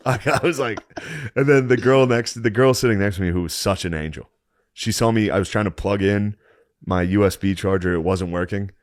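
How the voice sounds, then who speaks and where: A man co-hosting a podcast, telling a profane, animated story full of griping and laughter. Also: on the low side, a little fast, no room sound, clean studio sound. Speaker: podcast co-host. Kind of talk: casual storytelling chat.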